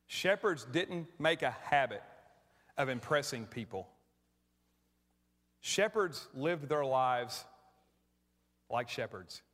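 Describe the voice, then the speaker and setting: A man's voice: on the high side, fairly bright tone. A middle-aged man preaching a sermon as pastor, conversational and emotional, often restarting his sentences. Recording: church hall with long reverb.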